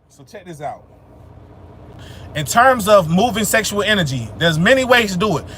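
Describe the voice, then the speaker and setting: A faint traffic hum runs beneath a young livestream host as he answers viewer questions in a casual spiritual Q&A. His high voice is bright and forceful; he speaks loosely, swears, drops into street slang, and gets emphatic and preachy to drive home a point.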